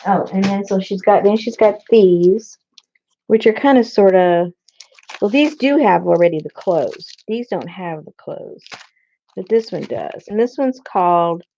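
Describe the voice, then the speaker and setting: A woman's voice: medium pitch, animated, a little slow, dark tone, dull audio, a little hiss or hum. A woman hosting a casual crafting video, rambling and talking to herself as she hunts through her supplies, standing indoors in her craft room. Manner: rambling, talks to herself while searching. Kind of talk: casual chat while crafting.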